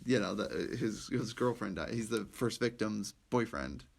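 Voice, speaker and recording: A young man co-hosting a podcast, chatting casually and excitedly about movies, rambling and laughing often. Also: fairly low pitch, measured pace, creaky. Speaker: podcast co-host.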